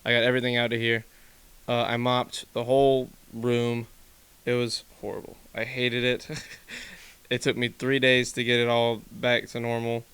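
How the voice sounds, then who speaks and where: Lively young man telling a story. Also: medium pitch, normal speed, clean tone. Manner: animated storytelling, swearing, laughing. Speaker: podcast host. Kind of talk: casual chat. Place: home room, basement.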